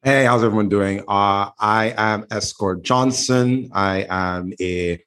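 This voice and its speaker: A man, a podcast panelist, speaking in a relaxed way with frequent pauses. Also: lowish voice, clean tone. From Trinidad and Tobago. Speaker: podcast panelist, writer and teacher. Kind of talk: casual podcast chat.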